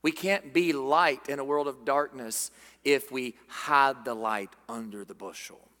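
A man with a Southern American accent preaching a sermon, earnest and dropping to hushed tones for emphasis. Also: mid-range voice, measured pace, long reverb tail. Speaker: pastor. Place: church sanctuary.

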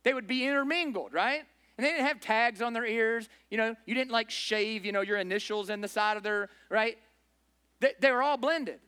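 Guy preaching in church, pretty high voice, talks casual, keeps asking the room stuff. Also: normal speed, sharp tone, clean tone. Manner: informal, asks the congregation questions, says "right?" often. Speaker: pastor. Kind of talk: conversational sermon.

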